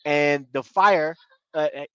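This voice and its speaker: A man's voice: on the high side, slow pace, bright, forceful tone, smooth, no room sound. A man giving a casual, rambling recap of a TV episode, repeating himself and leaning on fillers like "you know what I mean". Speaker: TV show reviewer. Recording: dull lo-fi dry recording.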